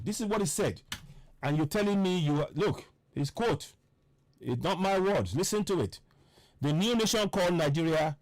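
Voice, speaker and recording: A man speaks in a fervent, preachy monologue on politics, circling back to repeat his points and pressing the listener with rhetorical questions. His fairly high voice swings widely in pitch. The sound is close and dry, with no room around it. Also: dry recording. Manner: repeats himself for emphasis. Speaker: political commentator.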